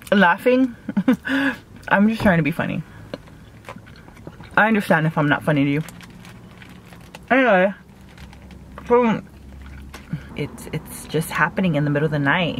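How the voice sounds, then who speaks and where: Chatty woman vlogger, low-ish voice, phone-recorded in a parked car, faint background noise. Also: animated, measured pace, pauses often. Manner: chatty, laughs at own jokes, full of "like". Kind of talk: casual mukbang chat.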